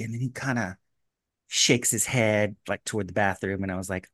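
Animated man telling a story. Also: lowish voice, fairly quick, dry recording, clean studio sound. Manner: animated, acts out quoted voices. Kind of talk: casual storytelling chat. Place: residence in a gated community.

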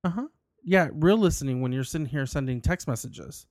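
This podcast co-host has a slightly high, darkish voice with lively intonation and a brisk delivery. Chatting casually in an indoor studio, he rambles through a story full of laughs and restarts. The sound is dry and clean.

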